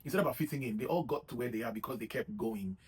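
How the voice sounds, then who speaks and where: Guy talking fast, casual pep talk to viewers, rambly with lots of asides. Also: medium pitch, husky, poor audio. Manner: rambling, full of "you know what I mean" asides. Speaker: vlogger giving gym advice. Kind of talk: casual motivational talk to camera.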